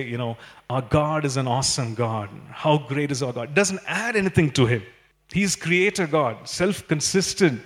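Guy preaching a sermon, kinda high voice, lots of "you know" and restarts. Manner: animated preaching with fillers and repeated phrases.

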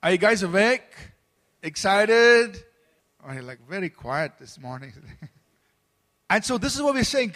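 A man with a high-pitched voice preaches a Sunday sermon as pastor, earnest and steady, often restarting and repeating words as he goes. His voice carries a long reverb, as if recorded in a large hall. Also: normal speed. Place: church service.

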